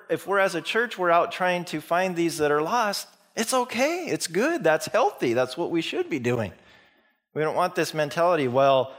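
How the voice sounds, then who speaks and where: Pastor preaching in a conversational manner. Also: male voice, a little high, a bit bright. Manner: conversational storytelling with frequent restarts and acted-out quotes. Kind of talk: sermon.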